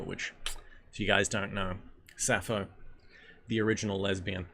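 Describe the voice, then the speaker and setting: A man's voice: deep voice, level tone, moderate pace, long pauses, bright, forceful tone, slight background noise. A man leading a reading group on a stream, reading a book aloud, stumbling over words and breaking off for casual, joking asides.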